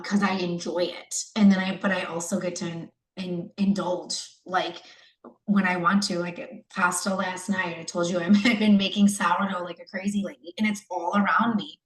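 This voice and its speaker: A woman's voice: lowish voice, echoey room, rough recording. A pregnant young woman from the United States, a coaching client, talking emotionally and rambling with many fillers and restarts. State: pregnant, third trimester. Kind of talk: candid video-call testimonial.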